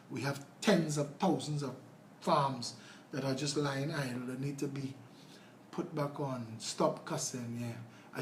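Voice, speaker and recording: A man's voice: fairly high pitch, a little mellow. A man with a Trinidadian accent, a political candidate talking earnestly on a casual livestream and answering viewer comments. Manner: earnest, rambling, conversational. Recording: roomy with faint noise.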